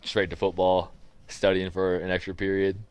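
A man's voice: deep voice, monotone, normal speed, a little mellow, a little hiss or hum. A man hosting a sports radio show, chatting casually and telling a rambling story.

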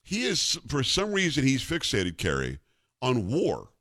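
A man's voice: mid-range voice, wildly swooping pitch, a little slow, fairly bright tone, dry recording, clean studio sound. A man hosting a radio talk show, opinionated and teasing in a sarcastic way.

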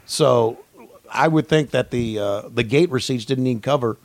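A man with a gravelly, fry-edged voice riffs through a profane mock play-by-play on a podcast. He drops to low mumbles, then jumps to yelling excitement. The sound is close and dry, with little room. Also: moderate pace, dry recording. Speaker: podcast co-host.

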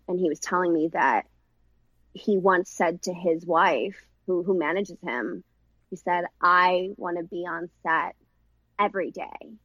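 A woman's voice: lowish voice, slightly rough, dry recording, lo-fi sound. Rambling woman director in an interview. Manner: warm, rambling, lots of restarts. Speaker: film director and actress. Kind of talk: casual interview chat.

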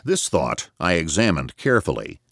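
A man reading a novel aloud as audiobook narrator, measured and reflective, close to a studio mic. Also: very deep voice, huge pitch swings, a bit bright, dry recording.

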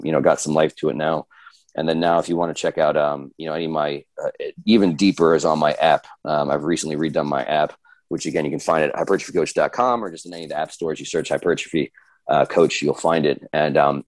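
A man's voice: a bass voice, no echo. A man talking as a podcast guest in a laid-back, casual way, swearing easily and joking at his own expense. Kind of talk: casual chat.

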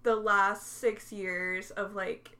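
A woman's voice: mid-range voice, little pitch movement, takes it slowly, sharp tone. A young woman in casual chat with a close friend, chatty and giggly, saying "like" a lot. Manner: chatty, giggly, heavy use of "like". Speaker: co-host.

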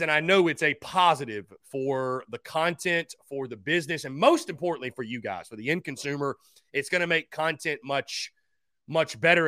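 A man hosts a live call-in sports show in a bright, forceful voice that sits a little high. He speaks straight to his viewers, thanks supporters by name and repeats his points with energy. The sound is dry and close. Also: no room sound. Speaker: podcast host.

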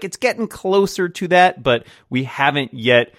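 A man's voice: mid-range voice, lively intonation, normal speed, few pauses, a bit bright, no echo, clean studio sound. A man co-hosting a casual tech podcast, wry and joking, weighing his opinions aloud. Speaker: podcast co-host.

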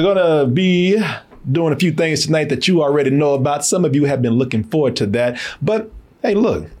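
A man's voice: mid-range voice, a little mellow, breathy edge. A man in casual banter, hosting a live stream, reading the chat aloud and teasing, laughing often. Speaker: stream host.

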